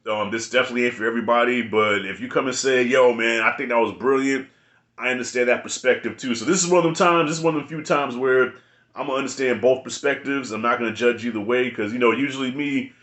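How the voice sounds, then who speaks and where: A man's voice: mid-range voice, quick pace, fairly bright tone, reverberant. A man giving a casual spoken review of a TV episode, loose and rambling, with slangy, profane talk. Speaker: video reviewer.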